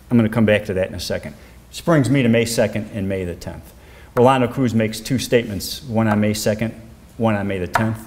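An older man who used to be a defense lawyer recounts a case in a documentary interview. When he quotes other people, his pitch rises.

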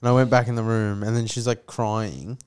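Young man, smooth voice. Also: on the low side, little pitch movement, a little fast, darkish tone. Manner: swearing, storytelling with acted-out quotes. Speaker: podcast co-host. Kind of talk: casual chat.

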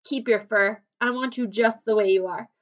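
A woman's voice: a little high, steady tone, moderate pace, lightly acted. Woman voicing a young schoolgirl, earnest, nervous, resolute, lo-fi sound. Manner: earnest, careful.

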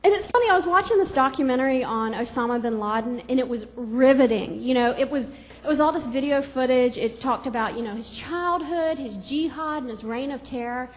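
A woman's voice: sits high, lively intonation, a little fast, in a large hall. A woman from Georgia doing stand-up comedy on a club stage, bubbly and giggly, chatty with the crowd.

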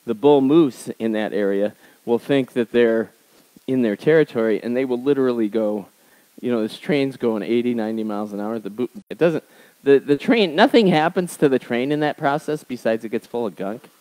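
A male pastor preaching in a relaxed, conversational way at a middle pitch. He pushes his voice up for emphasis, then drops into soft, low asides while telling personal stories. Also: normal speed, low-quality recording. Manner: conversational storytelling, swinging between emphatic highs and quiet asides. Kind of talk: sermon.

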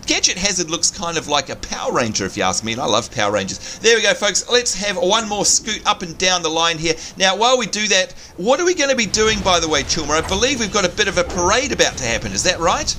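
Man, upbeat game host, chatty, sweeping lively pitch. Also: quick pace, few pauses, slight background noise. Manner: chatty, enthusiastic, laughs often. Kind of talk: casual game commentary.

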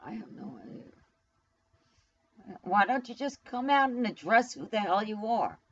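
A woman's voice: mid-range voice, sing-song, normal speed, dull audio. A woman live streaming from home in New York, rambling casually to her viewers, blunt and profane as she talks back to the chat. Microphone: camera mic.

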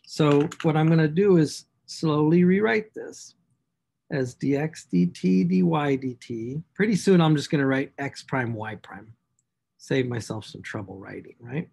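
Somewhat high and measured, this male math instructor's voice carries vocal fry and a breathy edge. During a recorded lecture he works through equations aloud, muttering to himself and giving key words animated stress as he writes.

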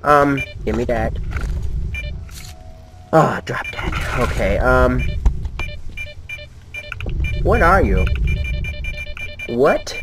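Nervous slow-talking man playing a game. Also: mid-range voice, sing-song. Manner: jumpy, nervous, talks to himself. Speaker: gamer. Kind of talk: let's play commentary. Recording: noisy home game recording.

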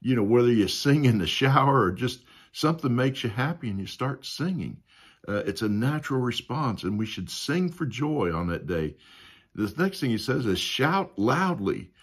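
A man's voice: mid-range voice, expressive, normal speed, breathy edge. A man teaching a Sunday school Bible lesson in a conversational way, often adding "you know" and asking the class questions.

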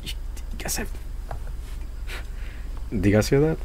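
A young man streaming a video game, swearing and reacting loudly to what happens on screen. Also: mid-range voice, measured pace, long pauses, slight background noise. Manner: excitable, swears a lot, yells at the game. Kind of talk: live game commentary.

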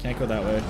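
Young male streamer, high lively voice, cussing and yelling at the game, game music behind. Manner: animated, swears a lot, laughs and shouts at enemies. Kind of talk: live gameplay commentary.

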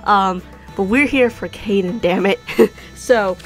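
A young woman YouTuber giving excitable, giggly commentary while summoning in a gacha game, pleading with it for the character she wants. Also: mid-range voice, slow pace, faint music behind.

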